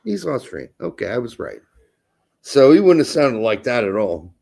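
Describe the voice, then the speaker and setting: A man co-hosting a casual soccer podcast, animated, jokey and swearing freely. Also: medium pitch, normal speed, creaky. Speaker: podcast co-host. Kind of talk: casual sports chat.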